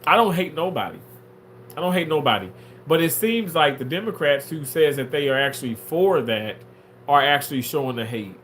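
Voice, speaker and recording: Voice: lively intonation, normal speed, fairly bright tone, a little hiss or hum. Theatrical livestreamer reading chat aloud. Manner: theatrical, swings into shrill mock wailing; drawling, filler-heavy talk. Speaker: livestreamer reading viewer comments. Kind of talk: casual live-stream chat.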